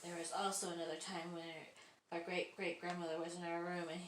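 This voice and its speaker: A woman's voice: on the low side, little pitch movement, a little fast. A woman hosting a channel, reading out listeners' creepy stories in a casual way and reacting with laughs and asides. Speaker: host reading submitted stories. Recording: echoey room, faint noise.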